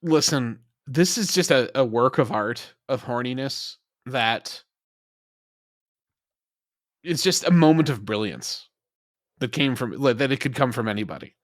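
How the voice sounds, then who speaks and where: A man co-hosting a podcast in casual chat, animated and emphatic, laughing often. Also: medium pitch, a little slow, long pauses, dry recording, clean studio sound. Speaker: podcast co-host.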